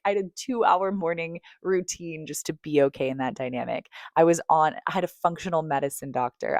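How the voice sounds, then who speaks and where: A woman with a low voice speaks straight to the listener in a raw, confessional monologue. She swears freely and swings from near-whispers to loud, emphatic bursts. The sound is dry and close, with no room echo. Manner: emphatic and profane, swinging between hushed and loud. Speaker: vlogger.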